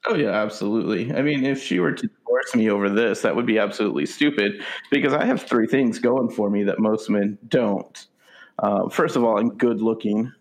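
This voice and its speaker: Gravelly low-voiced man ranting. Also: a little fast. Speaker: podcast co-host. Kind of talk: casual ranting chat.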